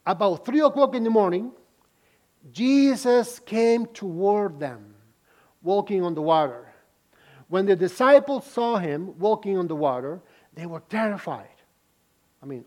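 A man's voice: high-pitched, lively intonation, a little slow, darkish tone. A man preaching a sermon, reading scripture and explaining it to listeners with frequent questions and restarts. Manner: repeats words and restarts phrases.

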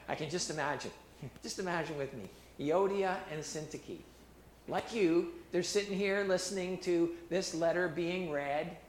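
A man with a high voice preaches an animated, emphatic sermon, circling back over his words and restarting phrases as he builds. His voice rings through an echoey church hall. A faint hiss of background noise sits under it. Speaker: pastor.

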